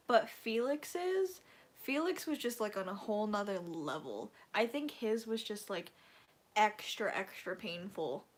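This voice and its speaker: Female livestream host, a touch high-pitched; loose, filler-heavy, gushing fan chatter. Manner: rambling, gushing fan talk full of fillers. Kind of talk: casual livestream chat with viewers.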